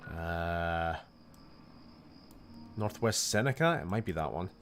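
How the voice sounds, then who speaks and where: A man's voice: low-pitched, expressive, takes it slowly, fairly bright tone, a little hiss or hum. A man with a Scottish accent giving casual, muttering, sweary commentary while streaming a game. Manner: swears often, mutters to himself. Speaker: gaming streamer.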